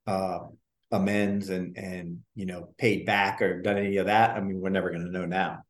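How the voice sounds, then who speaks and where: A man's voice: low-pitched, level tone, moderate pace. A man in an interview telling casual stories about his music career, rambling with restarts and the odd swear. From Orlando. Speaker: guest, former boy band member.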